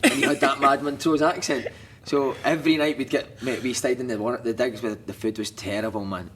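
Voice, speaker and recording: There's background noise as a Scottish ex-footballer on a podcast's studio couch spins casual stories in a mid-range, steady voice, talking a little fast. He laughs through his tales, swears without restraint and acts out what others said.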